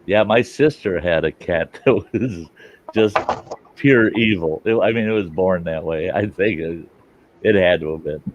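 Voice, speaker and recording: Casting: low-voiced man, casual rambling storyteller, salty and laughing, lo-fi recording. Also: measured pace. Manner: rambling, laughs a lot, folksy and profane. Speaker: host. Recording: dull lo-fi sound with faint hiss.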